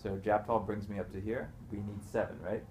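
A fairly low-voiced man gives a one-on-one rhythm lesson, counting beats and chanting syllables aloud. He explains patiently, one step at a time. Clear background noise runs under the recording. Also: steady tone, brisk, darkish tone. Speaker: rhythm teacher. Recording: noisy room recording.

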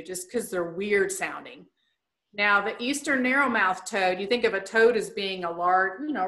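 A woman's voice: medium pitch, sharp tone. A woman educator giving an online presentation, explaining things plainly and chattily with playful asides.

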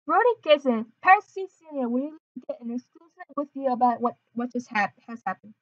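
A woman voicing an eager French TV reporter with a high, put-on accent, on a dull lo-fi recording. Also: expressive, brisk, a bit bright, dry recording.

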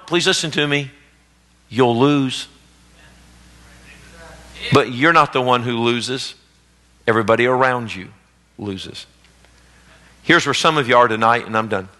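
A man preaching a sermon as pastor, swinging between loud exhortation and hushed storytelling. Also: mid-range voice, a little slow, pauses often. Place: church sanctuary, live service. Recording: long reverb of a church hall.

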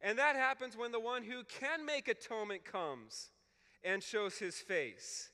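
A man teaching scripture to a room of clergy, his voice high and crisp with a bright edge. He explains step by step and often checks in with "okay?". A long reverb trails each phrase. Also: expressive, unhurried. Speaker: Bible scholar speaking at a clergy retreat.

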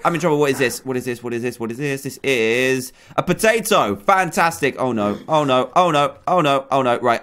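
A young man giving excitable gameplay commentary, yelping and shouting at enemies as he plays. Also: medium pitch, moderate pace, hardly any pauses. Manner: animated, yelps and shouts at enemies. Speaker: gaming YouTuber.

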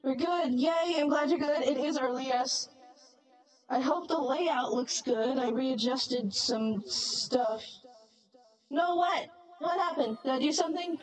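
A woman's voice: high-pitched, measured pace. A woman live-streaming a game and chatting casually with viewers, giggly and bubbly, flustered and self-deprecating, with a robot voice filter on. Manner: giggly and bubbly, laughs often.

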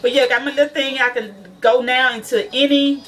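A woman's voice: high voice, steady tone, fairly quick, fairly bright tone, recorded from a distance. A woman who is a nail school student chats casually to her viewers from her car, swearing freely and calling them y'all.

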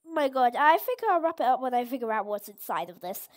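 A woman host giving casual gameplay commentary, excitable and exclaiming at each surprise. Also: on the high side, fast. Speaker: gaming channel host.

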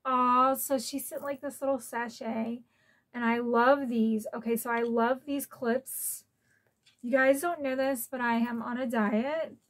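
A woman's voice: fairly high pitch, fairly even intonation, measured pace. A woman hosting a casual unboxing vlog at home, chatty and openly emotional, close to tears at times. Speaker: collector channel host.

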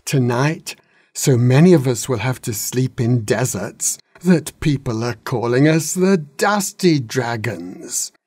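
A man's voice: medium pitch, animated, darkish tone, husky, no echo, clean studio sound. A man voicing an ancient, wise old dragon who drones and grumbles in a storybook reading. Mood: grumbling. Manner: droning, slow.

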